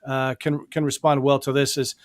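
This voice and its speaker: A man co-hosting a casual live-stream chat about hypnosis, animated and quick to laugh. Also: mid-range voice, dry recording, clean studio sound. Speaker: hypnotist co-host.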